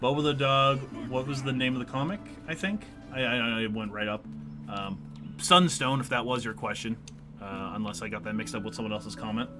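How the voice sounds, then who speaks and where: A man's voice: medium pitch, steady tone, brisk, music in the background. A man co-hosting a casual live stream, rambling with many fillers and restarts and reading chat comments aloud. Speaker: streamer co-host.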